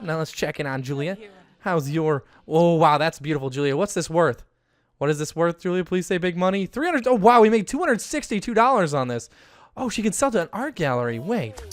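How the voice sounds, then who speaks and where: A man giving casual, chatty commentary while playing a life-simulation game, getting excited and jumping up in pitch when something good happens. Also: no echo. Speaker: gaming YouTuber. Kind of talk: casual let's-play commentary.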